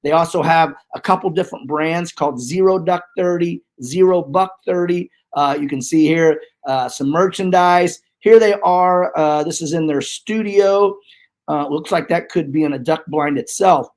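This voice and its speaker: A man's voice: on the high side, moderate pace. A man in his forties hosting a podcast, loose and joking with hype-man energy. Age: 40s. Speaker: podcast host. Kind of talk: casual chat.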